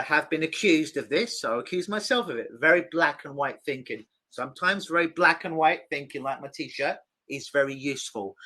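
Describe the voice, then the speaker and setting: A man, a clinical hypnotist, telling a client story as a guest in an expressive, lively conversational way, often repeating words as he starts a sentence. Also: on the high side.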